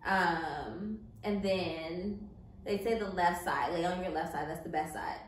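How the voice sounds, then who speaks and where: A pregnant woman, chatting casually as co-host and telling stories with animated laughs. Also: lowish voice, measured pace, slight background noise. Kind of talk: casual chat. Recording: roomy echo, mic at a distance.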